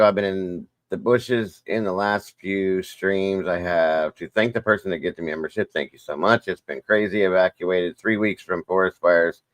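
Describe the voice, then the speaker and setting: A man's voice: low-pitched, a bit bright, no room sound. A man hosting a casual live stream, reading viewer comments aloud and thanking members by name. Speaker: livestream host.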